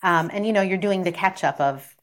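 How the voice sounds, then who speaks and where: A Palestinian woman poet with a lowish voice, reading her poems and then talking things over. She speaks in a measured, reflective way and pauses to find the right words. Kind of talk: poetry reading and conversation.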